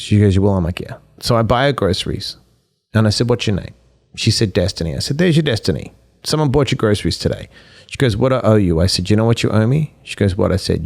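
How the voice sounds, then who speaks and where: A man's voice: on the low side, animated, quick pace, creaky. A man, a podcast guest and life coach, telling stories animatedly and acting out both sides of each exchange. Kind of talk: animated storytelling in conversation.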